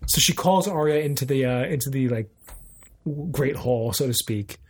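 A man co-hosting a podcast in casual chat, retelling scenes in an animated way with quick asides. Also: mid-range voice. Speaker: podcast co-host.

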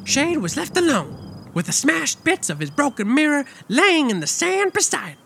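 High, lively deputy drawl, folksy old-west storyteller over loud music. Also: male voice, normal speed, gravelly, slight background noise, full character voice. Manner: folksy drawl, hooting and chuckling. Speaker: narrator.

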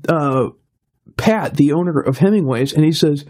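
A man with a fairly high but dark, husky voice tells a story in an animated way, often breaking into laughter. He acts out the lines of the people in his tale as he goes along. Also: moderate pace. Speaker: radio guest. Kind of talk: animated anecdote telling.

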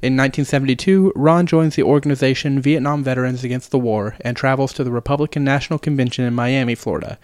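A young man co-hosting a movie podcast, reading a plot summary in a steady way. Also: mid-range voice, quick pace, hardly any pauses, no room sound. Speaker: podcast co-host.

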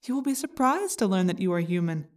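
A woman voicing a gloating male alien parasite in an audiobook, slow and mocking. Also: medium pitch, sing-song, far from the mic, natural voice. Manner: slow, taunting, smug. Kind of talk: audiobook character reading.

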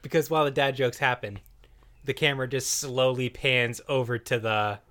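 A man's voice: medium pitch, steady tone, moderate pace, a bit bright. Joking male podcast host. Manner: joking, laughs often. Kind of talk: casual chat.

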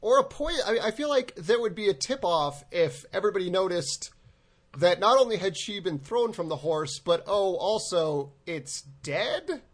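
A man co-hosting a podcast, recapping a TV show in relaxed, dry casual chat. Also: high-pitched, normal speed. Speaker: podcast co-host.

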